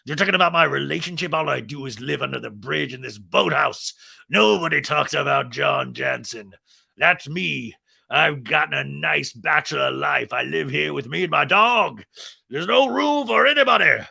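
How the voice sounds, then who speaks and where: A man's voice: on the high side, animated, normal speed, creaky, pushed and bright, husky, heavily acted. A man voicing an intense, reclusive middle-aged man with a brooding, menacing manner.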